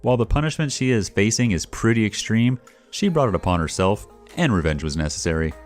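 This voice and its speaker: A man with a notably deep voice reads a first-person story, his pitch rising and falling with lively expression. His delivery is wry and expressive, like a seasoned channel narrator. Soft music plays faintly underneath. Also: brisk. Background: faint background music.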